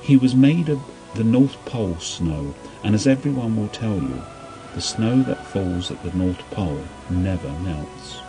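A man gently reading a children's story aloud in an unhurried storybook manner. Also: fairly low pitch, animated, over music, poor audio.

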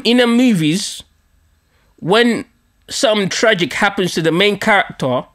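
A man hosting a podcast, telling a story in a casual, profane, self-mocking way. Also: high-pitched. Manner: animated, profane, laughing at himself. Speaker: podcast host.

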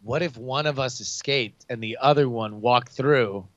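A man playing a tabletop game, jokey and excitable. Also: medium pitch, a little slow, dry recording, highs cut off. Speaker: player.

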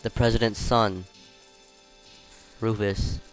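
A man playing a video game and chatting about it in casual commentary, swearing freely and reacting loudly. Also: fairly low pitch, measured pace, clean tone, soft background music. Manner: reads game dialogue aloud in between remarks. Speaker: let's player.

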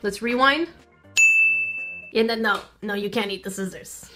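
A woman's voice: medium pitch, measured pace, pushed and bright, soft background music. A woman hosting a craft channel, chatting casually and teasing her co-host while reviewing candy kits. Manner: playful teasing, laughs often.

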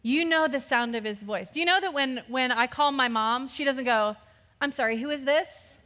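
A woman pastor giving a lively, conversational sermon, laughing often as she preaches. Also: sits high, moderate pace, big-room sound.

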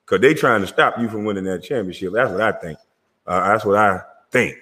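A man with a Southern US accent hosting his own show in a loud, animated, profane rant, often laughing as he talks. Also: lowish voice, brisk, slightly rough, long reverb tail. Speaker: show host.

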